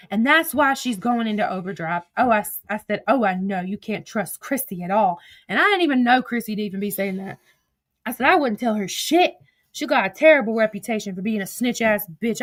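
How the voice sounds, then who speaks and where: A woman's voice: mid-range voice, no echo. A woman streaming casual commentary, reading text messages aloud in a profane, gossipy way and laughing often. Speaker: social media streamer.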